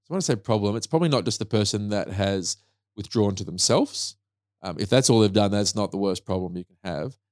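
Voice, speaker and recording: A man with a fairly low voice co-hosts a podcast and talks through advice point by point. His delivery is explanatory and conversational. The sound is dry and close. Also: lively intonation, brisk, darkish tone, no echo. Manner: explanatory, lists numbered tips. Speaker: podcast co-host. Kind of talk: casual advice chat.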